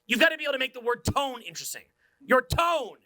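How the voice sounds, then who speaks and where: A man giving a live seminar talk in a room without speakers, energetic, joking and profane. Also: extremely high pitch, very fast. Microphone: unamplified room talk.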